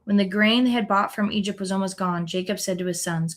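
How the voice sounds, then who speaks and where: Woman bible teacher, reads scripture then chats about it, medium pitch, keeps saying right. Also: steady tone, fairly quick. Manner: conversational, tag questions like "right?". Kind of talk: scripture reading and reflective commentary.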